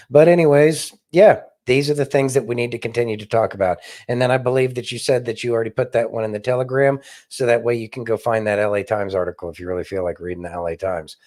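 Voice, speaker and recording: A man's voice: fairly low pitch, fast talker, a little mellow. Man, podcast host, casual commentary, rambling, sarcastic. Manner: rambling, opinionated, sarcastic asides.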